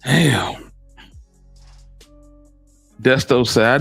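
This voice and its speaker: Slow, gravelly-voiced man commentating. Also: medium pitch, no echo, faint music behind. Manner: animated, slangy, incredulous. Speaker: streamer reacting to clips. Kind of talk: casual commentary.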